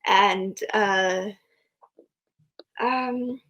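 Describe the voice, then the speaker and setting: A woman's voice: mid-range voice, very slow, fairly bright tone. A young woman guest on a video podcast, answering casually and hesitantly with many ums. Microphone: video call.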